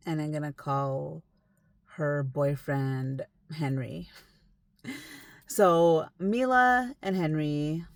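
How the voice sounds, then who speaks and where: A young adult woman, an esthetician, tells a client's story in a casual, emphatic, conversational way, sometimes dropping to a hush. Her voice is low-pitched, and there's no room sound.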